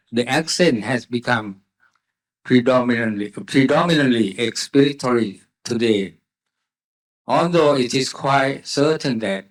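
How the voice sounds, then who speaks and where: A man delivers a conference lecture at a very slow, deliberate pace. His voice sits at an ordinary middle pitch, and he often pauses with fillers and restarts his words mid-way. The delivery is careful and academic. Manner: slow, halting delivery with frequent fillers and self-corrections. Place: conference hall.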